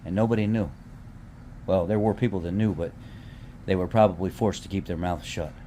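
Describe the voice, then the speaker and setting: This thirties-aged male vlogger speaks to camera in a casual rant, low-voiced, a little fast and warm, over a slight hiss or hum. He gets heated, curses liberally, and keeps restarting and repeating words.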